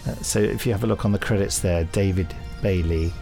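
A man's voice: low-pitched, fairly quick, gravelly, warm tone, soft background music. A man hosting a podcast, chatting casually with dry, teasing humour and rambling asides. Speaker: podcast host. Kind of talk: casual chat.

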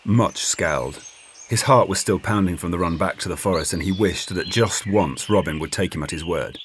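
A man narrating an audiobook in an expressive reading. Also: low voice, normal speed, slight background noise. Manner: expressive, voices many characters.

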